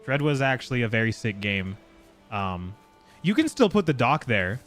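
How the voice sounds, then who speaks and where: A male game streamer chatting casually with his chat as he plays. He gets excitable and swears freely, and his voice sits at an ordinary middle pitch. Faint game music plays underneath. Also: moderate pace. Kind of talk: casual live gameplay chat.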